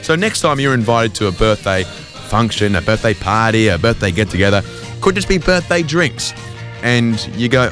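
A man's voice: fairly low pitch, sing-song, normal speed, fairly bright tone, soft background music. An Australian man hosting a community radio show, rambling through a self-deprecating comic monologue with lots of fillers and restarts. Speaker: radio host.

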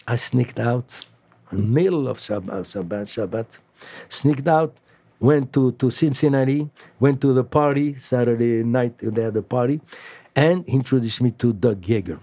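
A man from France, a musician telling stories in an interview, halting with many fillers and restarts. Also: medium pitch, dark tone, breathy edge, dry recording. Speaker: musician guest. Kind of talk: casual storytelling interview.

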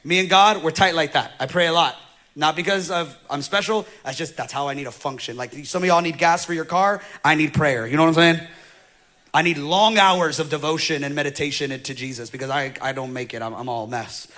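High-voiced male pastor preaching. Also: fairly quick. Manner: storytelling, builds from quiet to loud preaching. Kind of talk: sermon.

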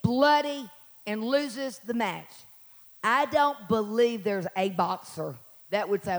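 A middle-aged woman pastor with a scratchy voice, preaching a sermon and breaking into shouted exhortations and sung lines. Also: medium pitch, takes it slowly. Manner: preaching with call-outs, shouting and singing.

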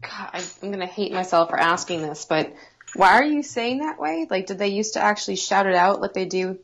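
A woman's voice: mid-range voice, expressive, brisk, lo-fi sound, a little hiss or hum. A young woman co-hosting a casual chat podcast, dry and sarcastic, teasing her co-hosts with exasperated remarks. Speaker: podcast co-host.

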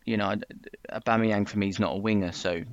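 A man's voice: fairly low pitch, fairly even intonation, fairly quick, clear, resonant tone, no echo. A man guesting on a casual football podcast, rambling and stumbling over his words. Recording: dull dry remote line.

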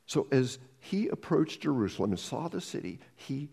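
Gravelly, lively-pitched preacher man. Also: moderate pace. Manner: dramatic, dropping to a hushed near-whisper for emphasis; repeats words when starting phrases. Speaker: pastor. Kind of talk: sermon.

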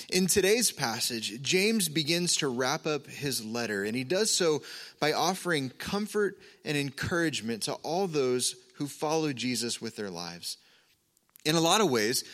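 A man preaching a sermon as pastor, earnest and measured, with an occasional filler. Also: a little high, fairly bright tone.

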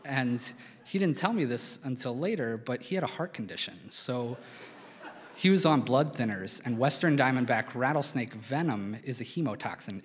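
A man's voice: medium pitch, a bit bright, a little hiss or hum. A man from Philadelphia telling a true story on stage in a casual, chatty way, full of "like" and little fillers. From Philadelphia, USA. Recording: reverberant hall, live stage.

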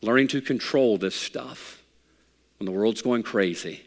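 A pastor preaching a sermon in a conversational, folksy way with bits of humor. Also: male voice, on the low side, a little slow, vocal fry, long reverb tail.

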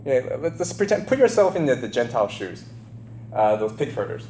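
A man giving a conversational sermon, animated, questioning his listeners and acting out the people in the story. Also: mid-range voice, brisk. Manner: animated, asks the listeners questions, acts out quotes. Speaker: preacher. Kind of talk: conversational sermon, Bible teaching. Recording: roomy echo with faint hum.

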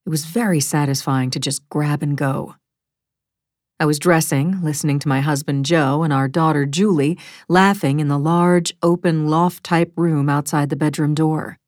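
A woman reading a first-person thriller audiobook in a measured, wry storytelling manner, close to a studio mic. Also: deep voice, fairly even intonation, darkish tone, no room sound. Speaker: audiobook narrator.

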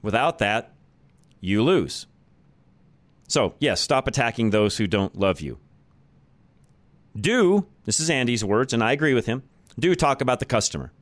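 A man's voice: mid-range voice, animated, measured pace, long pauses, dry recording. A man hosting a talk radio show, delivering a blunt, opinionated monologue and repeating his points for emphasis. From United States. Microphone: studio microphone.

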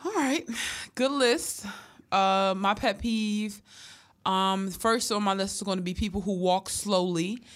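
Blunt woman telling animated stories. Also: mid-range voice, a little slow. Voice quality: tall. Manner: blunt, animated storytelling with acted-out quotes. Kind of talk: casual chat.

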